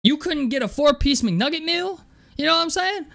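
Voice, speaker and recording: A man's voice: very high voice, lively intonation, normal speed, gravelly, bright, forceful tone. A young man delivering an angry, profane basketball rant, stumbling over and repeating his words as he vents. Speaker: sports commentator.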